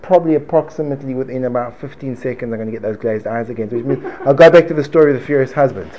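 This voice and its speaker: Talking rapid-fire in a mid-range voice, this man teaches a casual Torah class to people in the room. He digresses, cracks jokes, and says things more than once, all captured on a dull lo-fi recording with faint background room noise.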